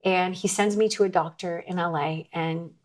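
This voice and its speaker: Woman, slightly low voice, earnest emotional storytelling, conversational guest, frequent restarts. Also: steady tone, moderate pace. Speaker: podcast guest. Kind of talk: personal story told in conversation.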